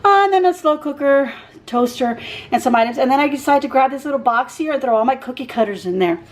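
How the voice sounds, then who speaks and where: A woman's voice: high-pitched, animated, fast talker, poor audio. A middle-aged woman from Texas giving a casual, rambling tour of her kitchen and pantry as a vlogger, often searching for words. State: out of breath. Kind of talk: casual home tour chat. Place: home kitchen.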